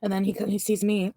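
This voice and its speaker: Woman ranting on her vlog, swears a lot, mellow darkish voice, dry sound. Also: medium pitch, husky, dry recording. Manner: profane, venting, rambling. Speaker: vlogger.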